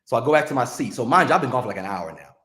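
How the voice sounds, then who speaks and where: A man telling a story in casual chat, animated and acting out other people's lines. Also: mid-range voice, racing. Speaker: podcast guest, music industry veteran. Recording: roomy echo.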